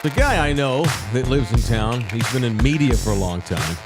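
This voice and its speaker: A man's voice: mid-range voice, big pitch swings, moderate pace, music in the background. A man hosting a casual podcast, talking in a loose, rambling way with fillers. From San Antonio area. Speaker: podcast host. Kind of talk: casual sports podcast chat.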